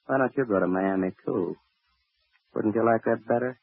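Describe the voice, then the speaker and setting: An actor playing an unhinged jealous husband who taunts and laughs eerily, in 1940s radio acting on an old broadcast. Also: male voice, on the low side, moderate pace, gravelly, no echo, narrow, tinny audio. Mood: taunting.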